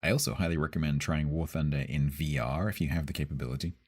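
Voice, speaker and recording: A man's voice: a bass voice, steady tone, fast talker, breathy edge. A man, chatting casually on a live stream, answering chat and chuckling often.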